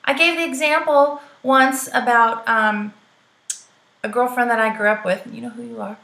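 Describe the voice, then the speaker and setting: A woman's voice: a little high, a bit bright. A woman giving sales coaching to the camera, chatty and peppy, often checking in with "right?" and calling her listeners "girl". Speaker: direct sales trainer. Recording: roomy echo.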